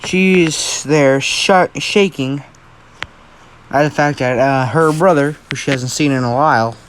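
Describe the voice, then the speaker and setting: A man's voice: medium pitch, measured pace, a bit bright, a little hiss or hum. A young man who hosts a fan-story channel, telling an improvised story in a rambling, self-deprecating way with a lot of swearing.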